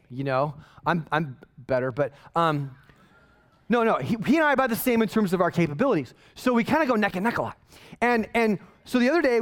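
Woman pastor giving a laid-back sermon, jokey and self-mocking, voice jumps around a lot. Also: lowish voice. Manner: casual, joking, self-deprecating storytelling. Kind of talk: conversational sermon.

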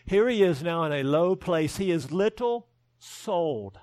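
High-voiced preaching man, dry close sound. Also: lively intonation, a little slow, a little mellow, dry recording. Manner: earnest preaching with rising emphasis and self-deprecating humor. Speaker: pastor. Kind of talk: sermon.

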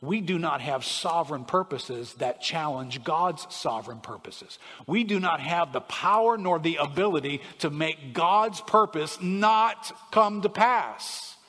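A man preaching a sermon, reading scripture with emphatic swells and dropping to quiet asides, often checking in with "right?". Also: a little high, expressive, unhurried, hardly any pauses, slightly rough, long reverb tail. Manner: preaching with emphatic rising and falling delivery, frequent "right?". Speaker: pastor.

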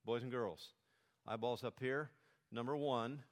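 A man's voice: mid-range voice, steady tone, a little slow, long reverb tail. Older man, pastor, sermon delivery, gets the kids to repeat points, builds to fervent emphasis.

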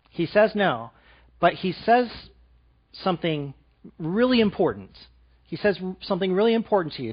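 A man preaching a sermon to a live congregation, asking them questions and dropping to a soft, quiet voice for emphasis. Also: high voice, breathy edge, muffled recording. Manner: engaging, asks the audience questions.

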